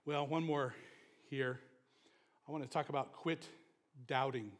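A man preaching a sermon, retelling a story with chuckles, sarcasm and sudden loud bursts for emphasis. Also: mid-range voice, fairly even intonation, measured pace. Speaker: pastor.

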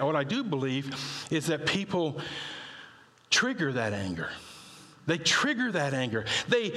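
Bright-voiced preacher in a hall. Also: male voice, fairly high pitch. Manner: folksy storytelling with rising emphatic peaks. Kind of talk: sermon.

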